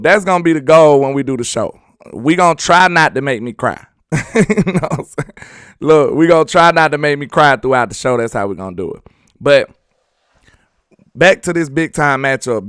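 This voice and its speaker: A man's voice: fairly high pitch, a bit bright, smooth, dry recording, clean studio sound. A man hosting a casual live sports talk stream, rambling loosely, chatting with viewers and laughing often. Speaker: sports talk show host.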